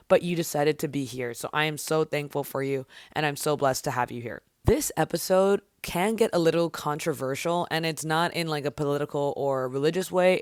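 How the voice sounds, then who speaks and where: A woman's voice: sits low, clean tone, no room sound, clean studio sound. A young adult woman hosting her own podcast, talking solo in an upbeat hype-woman way with casual swearing. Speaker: podcast host.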